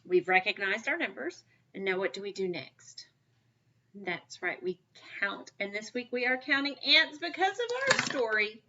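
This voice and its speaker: A woman's voice: mid-range voice, sing-song, normal speed, pushed and bright, highs cut off, a little hiss or hum. A woman teaching a recorded kindergarten math lesson, upbeat and encouraging, coaxing children to count along with her.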